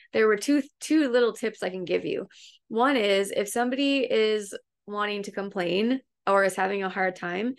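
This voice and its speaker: A woman's voice: mid-range voice, creaky. A woman coaching an online group, casually retelling a story from a book in a chatty, meandering way, full of fillers and restarts. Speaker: self-help coach and host.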